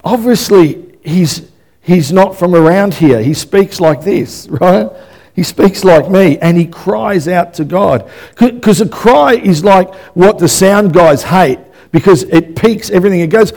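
Gravelly high-voiced impassioned preacher man. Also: measured pace. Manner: impassioned, swinging between loud and hushed; repeats and restarts words. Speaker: pastor. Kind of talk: sermon.

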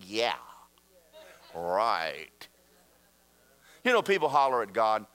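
A man's voice: fairly low pitch, takes it slowly, long pauses. A man preaching a sermon in a church, telling stories and acting out the people in them. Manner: animated storytelling, acts out quoted voices. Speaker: pastor.

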